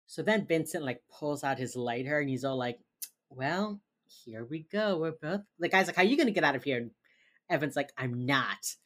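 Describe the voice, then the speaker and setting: A woman with a strikingly deep voice co-hosts a casual podcast. She retells a TV episode in a loose, chatty way, leaning on "like" and "you know". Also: moderate pace. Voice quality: very low-pitched, relaxed storytelling with lots of "like". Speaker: podcast co-host recapping a TV episode. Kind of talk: casual chat.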